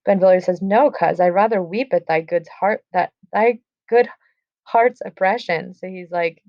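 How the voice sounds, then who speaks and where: A woman's voice: lowish voice, normal speed, darkish tone, no room sound, highs cut off. A woman teacher casually retelling a play, reading lines aloud and paraphrasing them in modern slang.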